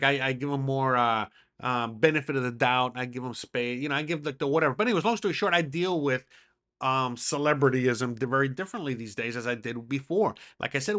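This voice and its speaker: A man's voice: medium pitch, bright, forceful tone. A man hosting his own show, talking in a casual, rambling monologue full of swearing and fillers. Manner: profane, rambling, with frequent fillers. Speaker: podcast host.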